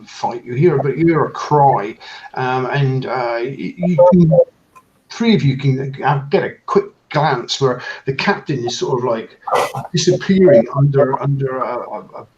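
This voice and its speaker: A man narrating a tabletop role-playing game as game master, full of fillers and restarts. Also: medium pitch. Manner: halting, many fillers and restarts. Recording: dull lo-fi sound, faint noise.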